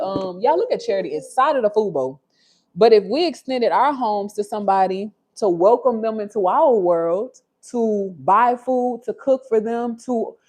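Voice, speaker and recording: A woman's voice: fairly high pitch, warm tone. Woman, livestream host at home, confessional and heartfelt, chatty with viewers. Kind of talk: candid livestream storytelling. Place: her home.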